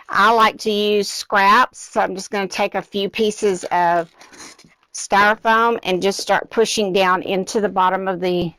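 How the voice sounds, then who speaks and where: A woman's voice: mid-range voice, fairly bright tone, clean tone. A middle-aged woman hosting a live craft demonstration, chatting directly to her viewers and slightly out of breath. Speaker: craft tutorial host.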